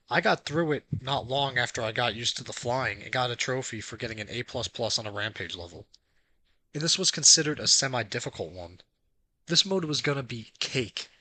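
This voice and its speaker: A young man hosting a gaming channel, calmly recapping his trophy hunt, then ranting and swearing angrily at the game's controls. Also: mid-range voice, no echo, rough recording. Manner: swears heavily and rants when frustrated; calm, dry recap narration. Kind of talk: recapping gameplay with a raging clip.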